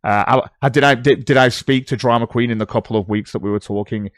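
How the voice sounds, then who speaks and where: A British man talks fast in a mid-range voice, recorded with clean studio sound and no room echo. On a casual livestream, he reads posts aloud and fires back at them sarcastically, with plenty of swearing.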